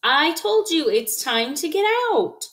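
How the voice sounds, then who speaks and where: Lady reading as a mom frog, high bright sing-songy voice, patient and coaxing. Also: sing-song, takes it slowly, heavily acted. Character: patient, cheerful mother frog coaxing her son. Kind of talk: storybook read-aloud.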